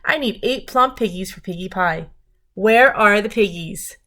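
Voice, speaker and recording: A woman's voice: measured pace, sharp tone. A woman putting on a screeching greedy witch. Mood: demanding. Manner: shrill screeching and cackling. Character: cranky greedy shrieking female witch.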